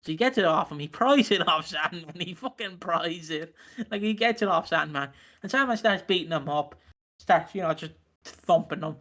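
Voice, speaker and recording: A man's voice: fairly high pitch, moderate pace. A man co-hosting a casual wrestling podcast, retelling matches and acting out the people in them, with plenty of swearing. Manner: animated retelling with acted-out voices, sweary. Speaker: podcast co-host. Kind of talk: casual wrestling review chat.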